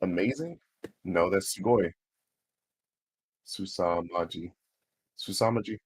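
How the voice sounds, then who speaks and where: A man's voice: sits low, slow, husky, no echo. A man streaming, chatting casually, swearing freely and sounding out foreign words syllable by syllable. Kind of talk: casual livestream chat.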